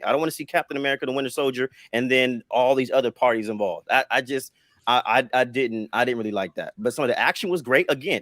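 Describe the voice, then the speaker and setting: Halting, easygoing man on a podcast. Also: mid-range voice, a bit bright, no room sound. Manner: halting, repeats words, hedges with fillers. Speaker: podcast panelist ranking films. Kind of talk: casual podcast chat.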